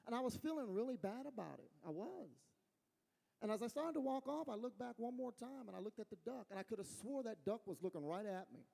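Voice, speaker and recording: Animated West Texas comedian, lively high voice. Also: male voice, fairly quick, vocal fry, in a large hall. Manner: animated storytelling, folksy, laughs at own jokes. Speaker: stand-up comedian. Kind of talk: stand-up comedy. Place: outdoor fair stage.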